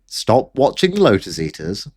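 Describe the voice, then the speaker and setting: A man's voice: on the low side, big pitch swings, measured pace, slightly rough. A man delivering sarcastic, mocking political commentary in a ranting live stream. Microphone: camera setup at home.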